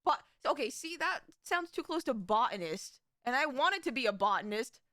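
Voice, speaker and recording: A young woman VTuber chats casually with her live-stream audience in a high, very animated voice, rambling, giggling, and often correcting herself. Her tone is fairly bright and her pace normal. The recording is dry and studio quality.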